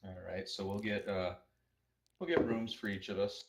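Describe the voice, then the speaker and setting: Low-voiced man playing a tabletop game. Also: moderate pace, noisy background. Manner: relaxed, plans out loud in first person plural. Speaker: tabletop player. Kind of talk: casual tabletop game chat.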